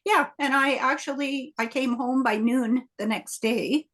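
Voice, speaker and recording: A woman's voice: high-pitched, steady tone, a little slow, fairly bright tone. An older woman telling a story on a group video call, hesitant with frequent restarts and filler sounds. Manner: hesitant, lots of "uh" and restarts, chatty. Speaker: coaching group member.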